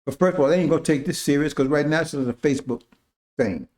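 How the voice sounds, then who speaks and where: A man's voice: on the high side, fast, a little mellow. A man preaching informally to his followers, talking emphatically in casual street slang and often asking "See?". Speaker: religious teacher.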